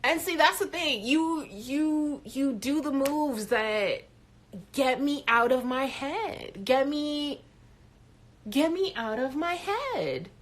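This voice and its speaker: Animated, swearing woman chat-show host. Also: high-pitched, slow pace. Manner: animated and frank, swears casually. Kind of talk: casual live chat show talk.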